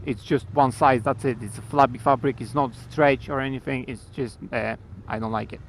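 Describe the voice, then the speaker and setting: Male motovlogger, slightly raised pitch, casual rants with lots of swearing, recorded in the helmet while riding. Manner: swearing, ranting at traffic. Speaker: motorcycle vlogger. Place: on a motorcycle in city traffic. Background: traffic and engine.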